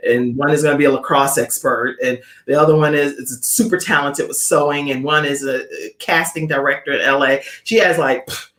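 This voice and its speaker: A woman's voice: very deep voice, fairly even intonation, fairly quick, a bit bright. A middle-aged woman hosting a talk show, effusive and praising, reading viewer comments aloud. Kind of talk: casual chat. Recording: echoey room.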